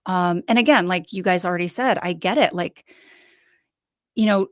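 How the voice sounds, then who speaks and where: Lowish-voiced woman in dry podcast talk. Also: normal speed, no room sound. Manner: thoughtful, hedging, many restarts. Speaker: podcast guest. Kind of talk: casual analytical discussion.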